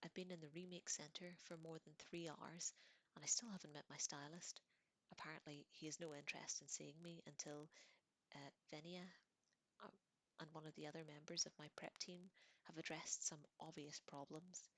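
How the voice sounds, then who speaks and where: A woman reads a novel aloud in a soft, half-whispered voice. She keeps it low-key, with small slips along the way. Her voice sits low and even, bright in tone and dry, close to the mic. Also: dry recording. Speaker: audiobook reader. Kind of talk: soft whispered book reading.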